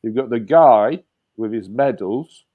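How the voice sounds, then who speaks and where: A man's voice: medium pitch, unhurried, phone-quality sound. A man in his fifties from England, a guest telling rambling stories in a casual chat. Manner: rambling storyteller, many restarts and laughs.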